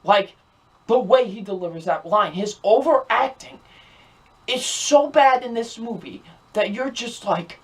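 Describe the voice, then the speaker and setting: A man's voice: high voice, lively intonation, unhurried, slightly rough. A young man giving a ranting, repetitive movie review, sounding exasperated as he keeps circling back to the same complaints. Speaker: film reviewer.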